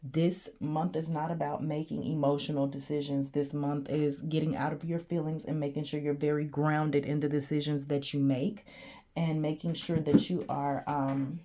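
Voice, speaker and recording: Low-voiced woman giving a chatty tarot reading. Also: level tone, moderate pace, warm tone. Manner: chatty and digressive, addressing viewers directly. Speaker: tarot reader.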